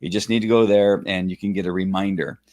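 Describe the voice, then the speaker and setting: Lower-voiced man hosting a rambling live stream. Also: steady tone, darkish tone. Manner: rambling, halting, many fillers and restarts. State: choked up. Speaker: host of a Facebook Live show. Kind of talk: casual live-stream talk, reading a testimonial aloud.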